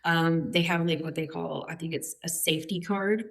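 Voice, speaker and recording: A woman's voice: low-pitched, steady tone, moderate pace, gravelly. A woman in her forties telling her life story as a guest, chatty and humorous with lots of fillers. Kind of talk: candid personal storytelling.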